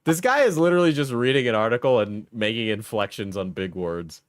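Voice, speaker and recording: A New York man with a lowish, animated voice riffs quickly over a video during a casual livestream. He is crude and mocking, talking right over the clip he's reacting to. His mic sounds very dry.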